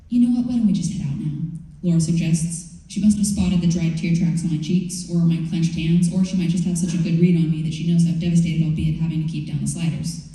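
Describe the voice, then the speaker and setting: A woman author reading from her memoir and then answering audience questions, in a candid, wry and expressive way. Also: low voice. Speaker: author at a campus book event. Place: large university event hall. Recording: echoey hall, far from the mic.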